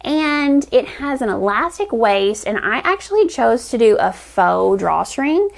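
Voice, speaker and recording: A woman's voice: on the high side, very animated, a little slow, creaky. A woman hosting a crafting vlog, chatting enthusiastically to camera with rambling restarts. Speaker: knitting vlog host. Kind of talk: casual chat to camera.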